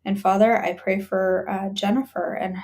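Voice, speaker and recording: A woman hosting a live devotional stream, praying aloud for friends with halting pauses, then chatting to viewers. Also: medium pitch, fairly even intonation. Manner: halting prayer with many ums and restarts, warm repeated thanks. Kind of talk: spoken prayer, then casual sign-off. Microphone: phone or webcam on a live stream.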